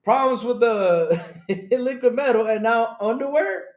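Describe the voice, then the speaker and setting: A man's voice: very high voice, unhurried, dull audio. Giggly, swearing man streaming in a roomy space. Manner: giggly, swearing, breaks into laughter constantly; talks to chat directly, animated and excitable. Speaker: streamer host. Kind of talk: casual live-stream reaction chat. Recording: roomy echo.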